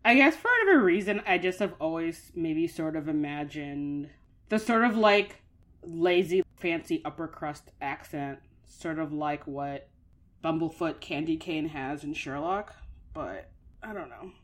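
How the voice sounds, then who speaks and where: A woman with a low voice co-hosts a podcast, chatting casually and easily. She talks in a loose, rambling way, leaning on filler words as she thinks aloud. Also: lively intonation, measured pace. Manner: chatty, many filler likes. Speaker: podcast co-host. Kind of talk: casual chat.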